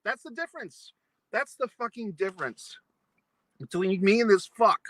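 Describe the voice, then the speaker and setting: A man's voice: sits high, lively intonation, moderate pace, fairly bright tone, no room sound, poor audio. A man from New England ranting at length, angry and profane, in a vlog monologue. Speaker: vlogger. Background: eating pizza.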